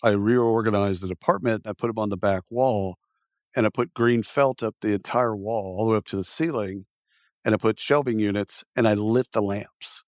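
A man's voice: lowish voice, normal speed, no room sound, clean studio sound. A man in his fifties, a podcast guest telling stories bluntly and acting out what others said. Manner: animated storyteller who acts out quoted speech, blunt and salty. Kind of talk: casual storytelling interview.

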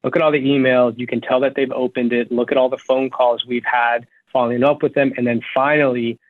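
A man who runs a law firm explains his methods as a guest in an interview. He sounds energetic and practical, and he repeats words as he works out his thoughts. His voice reaches you through a narrow, phone-like line with a completely dry sound. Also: mid-range voice, a little fast, dry recording. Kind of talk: interview conversation.

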